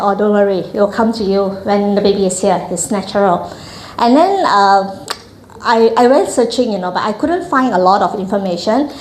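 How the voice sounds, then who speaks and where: A middle-aged woman with a Malaysian English accent tells a personal story to an audience in an animated way, often acting out quoted voices. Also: mid-range voice. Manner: animated, acts out quoted voices, frequent "lah". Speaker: breastfeeding coach. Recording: echoey hall.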